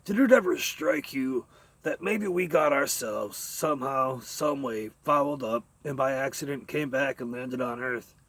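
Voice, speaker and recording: A man's voice: mid-range voice, a little slow, fairly bright tone, no room sound. A man voicing a bewildered spaceship captain who stammers and pleads with a stranger. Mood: dismayed. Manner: uncertain and pleading. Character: flustered male spaceship captain, middle-aged.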